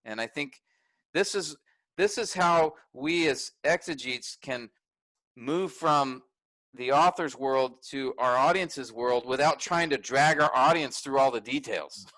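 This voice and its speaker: A man's voice: medium pitch, unhurried, sharp tone, no echo, poor audio. A man teaching a graduate workshop in a conversational way, thinking aloud with restarts and fillers.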